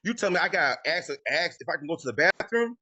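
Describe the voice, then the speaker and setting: A man's voice: fairly high pitch, animated, quick pace, sharp tone. Fired-up male coach on a live call. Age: adult with children. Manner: emphatic and repetitive, often adding "y'all". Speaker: credit coaching host. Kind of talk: motivational coaching talk on a live video call.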